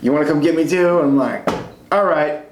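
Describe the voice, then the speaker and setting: A man's voice: fairly high pitch, fairly even intonation, a little fast, roomy sound, background noise. A young man rambling through a tipsy love story to the camera, laughing and acting out quotes. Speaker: groom telling his love story.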